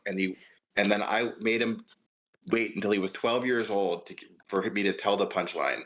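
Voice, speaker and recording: Man, middle-aged, podcast guest, low voice, self-deprecating, halting restarts. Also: low-quality recording. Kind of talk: casual chat.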